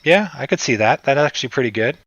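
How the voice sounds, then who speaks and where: A man from Canada hosting a casual livestream, rambling in a relaxed way and answering his chat. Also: medium pitch, quick pace, husky, no room sound, muffled recording. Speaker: livestream host.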